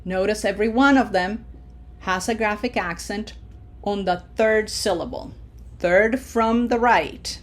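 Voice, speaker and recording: A woman teaching a recorded Spanish lesson. She explains the rules patiently, step by step, checks in with "okay?" and says the example words slowly and loudly. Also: mid-range voice.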